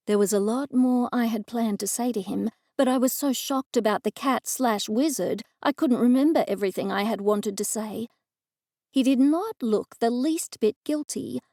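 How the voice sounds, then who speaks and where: An Australian woman narrating a cozy mystery audiobook in the first person, measured and expressive. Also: fairly high pitch, dry recording, studio quality.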